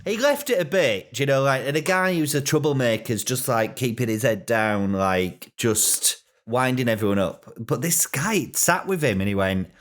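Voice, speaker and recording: A man hosting a podcast, telling stories in a rambling, animated way with many restarts. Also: medium pitch, moderate pace, hardly any pauses. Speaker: podcast host. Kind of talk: casual chat.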